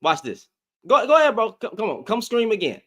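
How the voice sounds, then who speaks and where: A man's voice: high-pitched, very animated, fairly quick, fairly bright tone. A man hosting a live audio debate, arguing heatedly and repeating his phrases over and over. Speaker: host.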